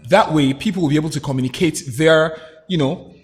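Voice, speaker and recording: Male pundit, somewhat higher voice, argues his points in a halting, opinionated way. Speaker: guest commentator. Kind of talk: political talk show discussion.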